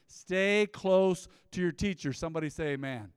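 A man's voice: high voice, a little fast, hardly any pauses, clear, resonant tone, clean studio sound. A middle-aged man pastor preaching a sermon in a church sanctuary, emphatic, with bursts of rising energy and acted asides. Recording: live church sermon with long hall reverb.

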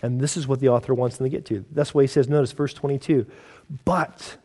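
A man preaching a sermon in a conversational, storytelling way, acting out the characters with lively quotes. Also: medium pitch, fast.

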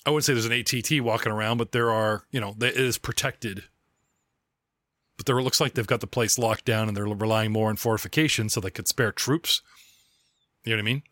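A man's voice: lowish voice, steady tone, brisk, fairly bright tone, no echo, studio quality. A man hosting a podcast as game master, describing scenes in a chatty, rambling way. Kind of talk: running a tabletop game.

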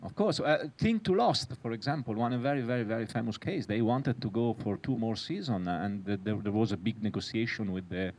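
Low, husky man moderating a panel. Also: fairly quick, few pauses, darkish tone. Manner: brief, reassuring answers with light laughs. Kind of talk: panel discussion.

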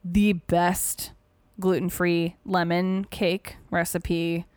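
A woman's voice: lowish voice, flat delivery, very slow, a little mellow, clear, resonant tone, no room sound. A young adult woman co-hosting a podcast, chatting in a rambling, casual way with plenty of fillers. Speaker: podcast co-host. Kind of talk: casual chat.

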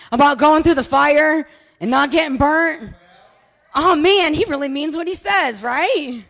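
A woman preaching a sermon in a high voice. She tells her stories in a lively way and shouts at the peaks. A long hall reverb trails each phrase, as in a large church sanctuary. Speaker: pastor.

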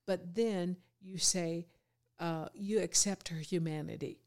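A woman in her fifties, a podcast guest, talking reflectively in a casual conversation and often pausing with fillers. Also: lowish voice, fairly even intonation, a little mellow. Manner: reflective, many fillers and restarts.

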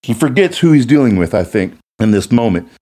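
A man giving a casual, animated Bible teaching in colloquial speech. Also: medium pitch, fairly quick. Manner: animated, colloquial, acts out quotes. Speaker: guest speaker.

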